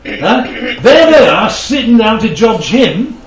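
A man's voice: high voice, big pitch swings, slow pace. A man preaching a conversational Bible teaching, often checking in with his listeners. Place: church hall. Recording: dull, echoey hall from far off.

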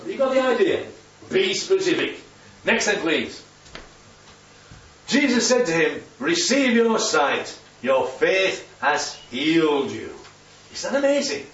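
Male preacher, interactive sermon, animated; high-pitched and lively; distant, dull recording. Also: slight background noise. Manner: animated, asks the congregation questions. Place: church hall. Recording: echoey hall from far off, dull.

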